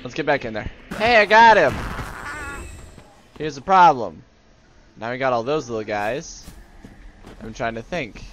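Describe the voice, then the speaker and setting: Excitable gamer man, lively pitch. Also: unhurried, long pauses, slight background noise. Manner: excitable, yelling at enemies, joking to himself. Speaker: video game let's-play host. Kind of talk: live gameplay commentary.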